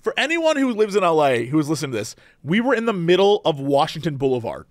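A podcast co-host tells a story in a loose, casual way, animated and full of restarts. His voice sits high for a man. It sounds dry and close, as if recorded on a studio mic. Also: quick pace, no room sound. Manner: animated, rambling, self-interrupting.

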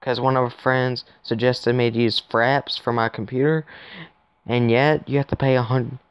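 A man's voice: medium pitch, level tone, normal speed, clean tone, no echo, dull audio. A man giving rambling, casual commentary to his viewers while playing a phone game, recorded on his phone. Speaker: gaming YouTuber.

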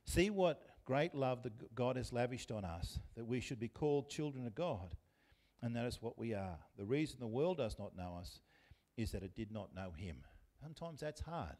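A man's voice: mid-range voice, lively intonation, moderate pace, darkish tone. A man with an Australian accent preaching a sermon as pastor, talking conversationally and putting questions to the congregation. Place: church.

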